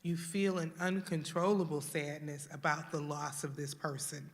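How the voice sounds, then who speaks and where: A woman's voice: sits low, flat delivery, moderate pace, long reverb tail. A woman from Houston leading a church grief workshop, talking earnestly and acting out the voices of grieving people. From Houston, Texas. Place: church hall.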